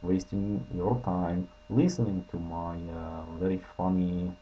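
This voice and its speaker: A man's voice: low voice, fairly even intonation, unhurried, dull audio, a little hiss or hum. A man with a Russian accent casually demoing his prototype, hesitant and full of filler sounds. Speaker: inventor presenting a prototype. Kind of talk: casual product demo.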